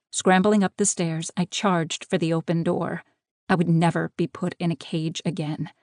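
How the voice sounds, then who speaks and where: Low-voiced woman narrating an audiobook. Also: darkish tone, dry recording, clean studio sound. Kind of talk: first-person audiobook narration.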